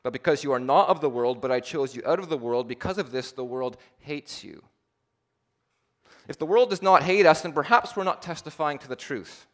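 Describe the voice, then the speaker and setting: Man preaching with sweeping dynamics. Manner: dynamic delivery, swings between loud emphatic peaks and low hushed endings; slows to a deliberate, repeated emphasis. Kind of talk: sermon.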